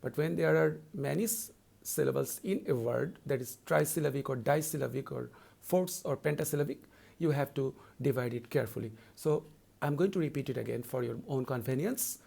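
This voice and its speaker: Male lecturer, gravelly tone, patient repetitive teacher delivery. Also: medium pitch, darkish tone. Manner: deliberate, repetitive explaining, slows down to read verse lines. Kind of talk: recorded lecture.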